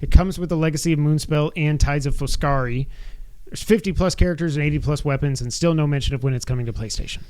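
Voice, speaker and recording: A man's voice: fairly high pitch, quick pace, darkish tone, clean tone. A man co-hosting a gaming podcast, reading news items in a casual chat and adding wry, opinionated asides. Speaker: podcast co-host.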